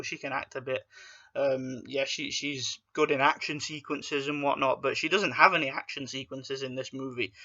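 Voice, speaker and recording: A man rants through a movie review, blunt and profane, with plenty of open scorn. His voice is bright and forceful. The recording sounds dull and lo-fi. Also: medium pitch. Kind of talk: casual ranting film review.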